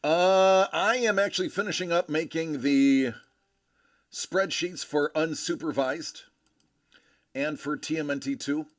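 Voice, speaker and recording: Playful guy on a livestream, kinda high voice, jumpy and chatty, super dry sound. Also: unhurried, no echo. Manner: animated and jokey, greeting viewers by name. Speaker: livestream host. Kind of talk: casual livestream chat.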